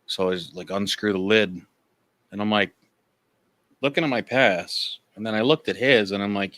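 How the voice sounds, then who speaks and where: A man from Canada chats on a late-night livestream in a casual, profane, blunt way. His voice sits a little low but sounds bright and forceful. The sound is dry and close, with little room around it. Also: normal speed, no echo. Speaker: livestream guest. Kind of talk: casual chat.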